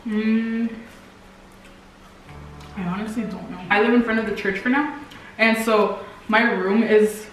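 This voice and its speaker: A woman's voice: fairly high pitch, steady tone, a little slow, long pauses. A young woman co-hosting a vlog, telling stories casually and rambling with lots of fillers. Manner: rambling, filler-heavy, 'like' often. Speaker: vlog co-host. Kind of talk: casual storytelling chat. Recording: echoey room, mic at a distance, faint music.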